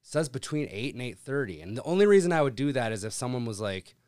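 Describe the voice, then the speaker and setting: A man casually telling a profane, animated story from his workday. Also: mid-range voice, fast talker, smooth, no room sound, clean studio sound.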